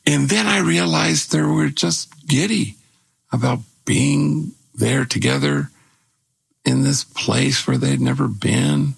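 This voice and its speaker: An older man with a gravelly, husky voice, telling stories in casual conversation as a guest and lifting his voice when he quotes people. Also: medium pitch, slow pace, dry recording. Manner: animated when acting out quotes. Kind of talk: conversational storytelling.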